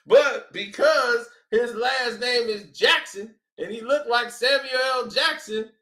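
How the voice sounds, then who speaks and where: A man's voice: extremely high pitch, slow, sharp tone, roomy sound. A man giving mocking reaction commentary on a video clip, sarcastic and laughing often between remarks.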